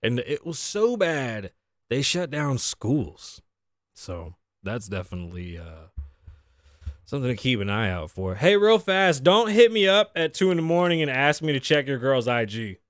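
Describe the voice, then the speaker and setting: A man's voice: medium pitch, big pitch swings, moderate pace, dry recording. A man in his thirties riffs through a casual solo talk-show monologue in a mid-range voice. He curses freely, jokes and slips in Spanish phrases. The sound is dry and close. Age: 30s. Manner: profane, joking, laughs often, drops Spanish phrases. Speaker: podcast host.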